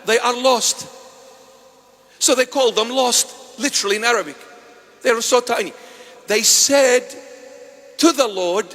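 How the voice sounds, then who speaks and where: A man preaching a sermon as a bishop in church, swinging between loud and hushed phrases and acting out quoted dialogue. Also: very high-pitched, unhurried, long pauses, long reverb tail. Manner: preaching with sharp rises and drops in loudness.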